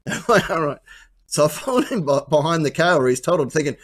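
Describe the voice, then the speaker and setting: Animated, swearing male storyteller. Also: fairly high pitch, a little fast. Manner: animated storytelling, swears freely, laughs often. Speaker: co-host. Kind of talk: casual comedic banter.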